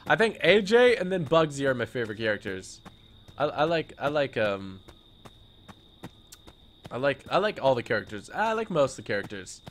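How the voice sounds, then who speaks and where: A young man streaming a game, chatting casually and excitably, joking and repeating words in bursts. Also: mid-range voice, moderate pace, pauses often, slight background noise. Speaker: gaming streamer. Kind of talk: casual live-stream commentary.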